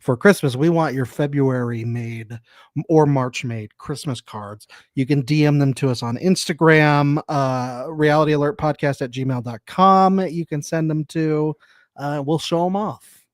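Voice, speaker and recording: A man's voice: on the high side, measured pace, no echo, studio quality. A man co-hosting a podcast, trading playful jokes in casual chat. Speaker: podcast co-host.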